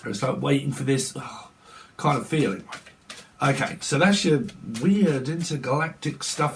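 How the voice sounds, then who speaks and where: A man's voice: fairly high pitch, moderate pace, gravelly, a little hiss or hum. A man giving a chatty, rambling tarot reading with casual swearing. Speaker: tarot reader.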